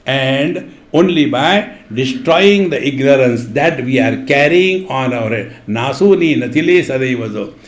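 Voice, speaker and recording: A man giving a spiritual discourse, chanting verses and explaining them with playful stories and acted voices. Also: a little high. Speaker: spiritual teacher. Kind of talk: spiritual discourse with humorous anecdotes. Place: retreat hall. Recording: echoey hall.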